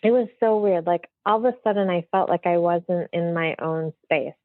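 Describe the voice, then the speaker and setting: Over a remote call, the guest medium rambles chattily through a story for a casual interview, using plenty of fillers. She speaks at a moderate pace in a lowish voice, with no room sound, through dry, thin, phone-like audio.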